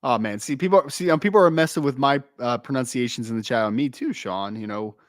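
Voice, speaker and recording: A man's voice: mid-range voice, a little fast, no room sound, clean studio sound. A man with a South Jersey accent co-hosting a casual podcast, chatty and prone to repeating himself. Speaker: co-host.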